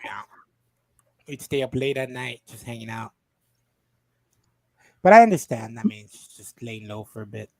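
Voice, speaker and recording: A woman's voice: very deep voice, moderate pace, gravelly, pauses often, no echo. A woman chatting playfully as a guest on a casual podcast. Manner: playful, joking, lively. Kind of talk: casual chat.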